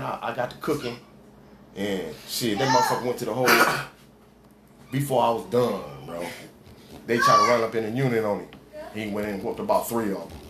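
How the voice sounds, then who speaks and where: A man telling a long story in casual chat, heavy on street slang and full of fillers and restarts, acting out what people said. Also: medium pitch. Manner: rambling, heavy street slang, acts out quoted dialogue; halting with many fillers and restarts. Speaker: storyteller in conversation. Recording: echoey room with background noise.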